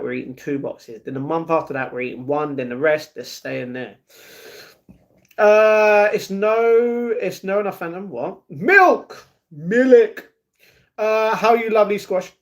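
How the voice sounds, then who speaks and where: A young British man chatting casually on a live stream, answering viewers by name and laughing often. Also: fairly high pitch. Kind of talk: casual live-stream chat, reading chat messages.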